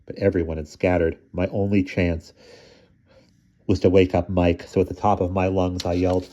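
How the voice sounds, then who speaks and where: A man reading a children's novel aloud, narrating and acting out the boys' dialogue in raised, excited voices. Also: sits low, moderate pace. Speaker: audiobook reader. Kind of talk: storybook narration. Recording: dull lo-fi recording.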